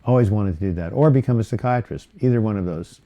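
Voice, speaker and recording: Speaking fast in a lowish voice over dull audio, the host reads and answers viewers' comments in a mental health Q&A. His live-stream chat is casual and rambling, full of fillers and self-corrections.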